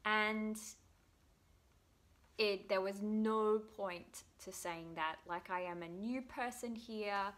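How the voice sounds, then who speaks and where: A woman's voice: medium pitch, takes it slowly. A woman, chatting casually to camera and telling self-deprecating stories with acted-out quotes. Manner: self-deprecating storytelling, lively, acts out quotes. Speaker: vlogger.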